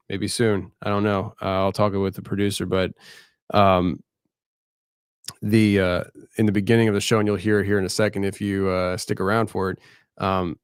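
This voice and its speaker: A tired man hosting a late-night live show, talking in a halting, rambling, candid way. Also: on the low side, clean tone, dry recording, studio quality. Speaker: podcast host.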